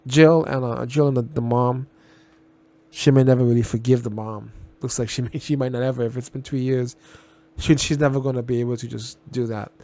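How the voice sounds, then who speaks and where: A man's voice: medium pitch, a little mellow, dry recording. A man talking casually as a reaction video host, rambling, restarting and repeating himself, blunt and given to swearing.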